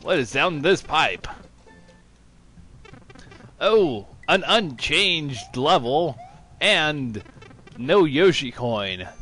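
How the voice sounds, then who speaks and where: A man's voice: fairly high pitch, big pitch swings, very slow, pauses often, bright, forceful tone, faint music behind. A man narrating his gameplay with sarcastic, mock-enthusiastic commentary. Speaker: let's-play commentator.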